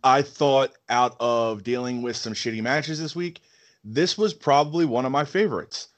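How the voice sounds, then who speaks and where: A man's voice: mid-range voice, moderate pace. A man co-hosting a chat show, talking casually and hesitantly with many ums and stammered restarts. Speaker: podcast co-host.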